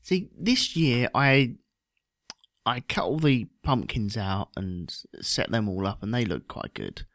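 A man, chatting casually as a podcast co-host in a wry, relaxed way, often trailing off and restarting. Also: lowish voice, slow, dry recording, studio quality. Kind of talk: casual chat.

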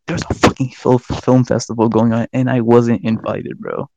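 Young male co-host, animated rambling storyteller with a profane streak; warm-toned, muffled lo-fi mic. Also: mid-range voice, normal speed, creaky, no echo. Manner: rambling, swears a lot, animated retelling. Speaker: podcast co-host. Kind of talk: casual storytelling chat.

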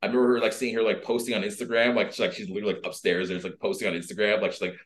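A man's low-leaning voice races along with very few pauses as he tells a story on a podcast. The guest is a dating and personal development coach, and his telling is casual and animated, crammed with filler words and acted-out voices.

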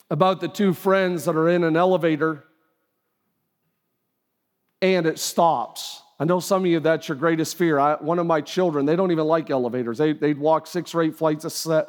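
Recorded live in a church auditorium with long reverb, a pastor preaches conversationally and acts out quoted voices. His fairly high voice has fairly even intonation, a moderate pace and long pauses.

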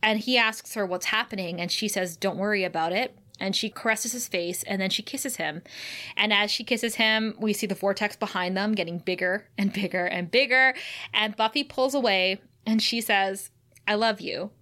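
A woman co-hosting a podcast, retelling a TV episode in an animated way and laughing often. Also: medium pitch, normal speed. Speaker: podcast co-host. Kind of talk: casual recap chat.

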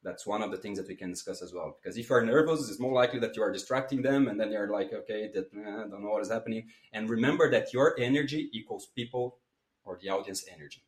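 A man being interviewed as a public speaking coach, talking in a lively way with big swings in voice and some non-native phrasing. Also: lowish voice, quick pace. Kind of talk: animated interview talk. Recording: roomy echo.

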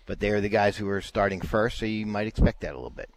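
A man's voice: on the low side, expressive, quick pace. A man co-hosting a golf show on sports radio, laid-back and teasing in casual banter. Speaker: radio co-host. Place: radio studio.

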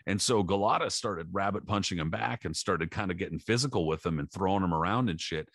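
A low-pitched man on a podcast, spinning a crude, animated story. His voice is close and dry, with no room sound. He keeps slipping into shouted impressions of the people he talks about. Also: brisk, no room sound. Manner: profane animated storytelling, acting out shouted quotes. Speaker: podcast co-host. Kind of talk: casual podcast chat.

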